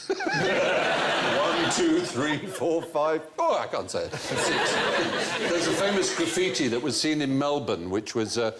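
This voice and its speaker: A man's voice: fairly high pitch, huge pitch swings, unhurried, a loud crowd, heavy background noise. A man hosting a comedy panel show, playful and storytelling, laughing as he explains facts. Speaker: quiz show host. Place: TV studio with audience.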